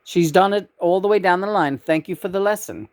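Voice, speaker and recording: A woman's voice: lowish voice, fairly quick, a little mellow, lightly acted. A woman speaking as the spirit of a late man who talks through her, soothing her one moment and lecturing viewers the next, in what sounds like her own everyday voice. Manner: lecturing, addresses the audience as folks.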